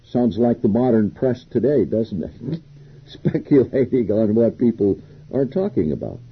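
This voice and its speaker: Husky guy giving a bible sermon, pitch swings up and down a lot, muffled lo-fi recording. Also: very animated, unhurried. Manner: reads scripture aloud then comments, rising emphatically on quotes. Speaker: preacher.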